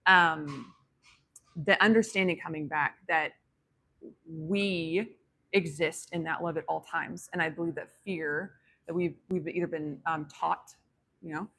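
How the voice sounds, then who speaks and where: A woman's voice: low voice, steady tone, a little slow, fairly bright tone. A woman telling a personal story in a casual, rambling way, full of fillers and restarts, reflective and spiritual in tone. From grew up on a ranch.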